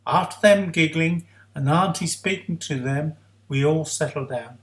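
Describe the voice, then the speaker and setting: A man reading a first-person story aloud in a hushed, earnest way, recalling a child's memory. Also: on the high side, measured pace. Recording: roomy echo.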